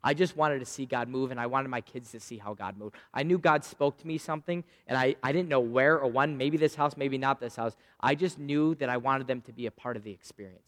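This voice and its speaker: A man in his thirties preaching a sermon, telling a personal story with loud bursts and quiet asides. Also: medium pitch, fairly quick, hardly any pauses, big-room sound. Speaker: pastor.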